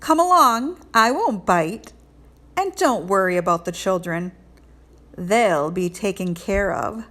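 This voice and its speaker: A theatrical teacher dressed as a bat, played by a woman reading a storybook, purring in a put-on Transylvanian accent. She stretches her words out slowly for drama. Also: mid-range voice, expressive, fairly bright tone. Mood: grand. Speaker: teacher figure. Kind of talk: children's storybook read-aloud.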